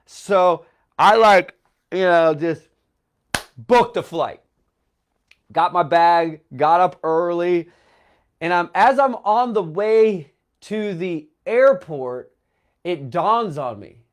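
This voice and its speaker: A man's voice: a little high, lively intonation, a little slow. A young man, a travel vlogger, telling a personal story to the camera in a rambling way full of fillers, a little tearful. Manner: rambling, filler-heavy, emotional retelling. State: tearful, runny nose.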